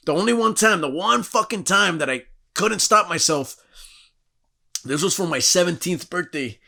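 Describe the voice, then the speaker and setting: A man's voice: high-pitched, lively intonation, normal speed, gravelly, pushed and bright. A man in his thirties, a podcast host, telling profane, rowdy stories in casual chat and acting out the quotes.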